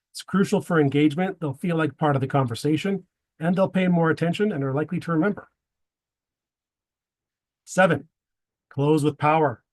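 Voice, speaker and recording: A man giving a prepared presentation to a men's group, slipping wry dad jokes between his tips. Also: on the high side.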